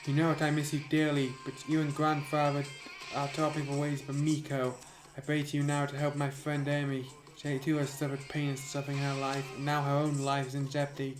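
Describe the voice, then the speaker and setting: A man's voice: on the high side, monotone, fairly quick, natural voice. A man reading the prayer of an earnest young female shrine maiden in a story. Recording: echoey room, music behind.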